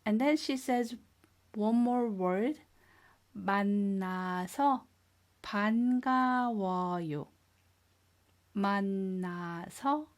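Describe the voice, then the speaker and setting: A woman teaching a beginner language lesson, speaking slowly and clearly, repeating each word and praising the learners. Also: medium pitch. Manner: patient, drills words twice and praises learners. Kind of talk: slow, clear classroom instruction.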